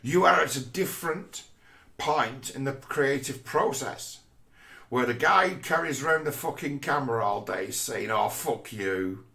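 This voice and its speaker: Gravelly man in a profane rant. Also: medium pitch, animated, normal speed, sharp tone. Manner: profane, rambling, repeats words while thinking. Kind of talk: casual rant.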